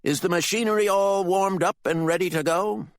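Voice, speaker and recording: A man's voice: low voice, big pitch swings, normal speed, dry recording, studio quality, exaggerated voice. A man reading an audiobook voices a vicious, hypocritical middle-aged preacher father, his voice thick with rage, cold and menacing. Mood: furious. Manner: cold and menacing, bursts into shouting. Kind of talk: audiobook character voice.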